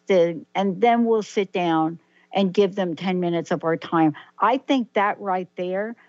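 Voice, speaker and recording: A woman's voice: mid-range voice, darkish tone, no echo, highs cut off. A woman hosting a radio talk show, speaking thoughtfully and reflecting aloud, often restarting her sentences. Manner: thoughtful, hesitant, with frequent restarts. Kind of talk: casual radio chat.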